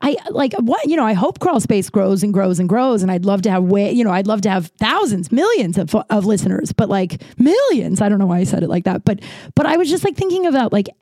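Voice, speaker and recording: Rambling woman podcaster, dark dry voice. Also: mid-range voice, fast talker, no echo. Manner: rambling, filler-heavy, animated retelling. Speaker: podcast host. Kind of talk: casual storytelling monologue.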